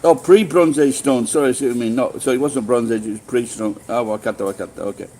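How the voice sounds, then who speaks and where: A man's voice: medium pitch, fast talker, dark tone, a little hiss or hum, poor audio. A middle-aged man with a Sheffield accent, live-streaming and chatting casually with viewers in a rambling, swearing way with many restarts. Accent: Sheffield English. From England.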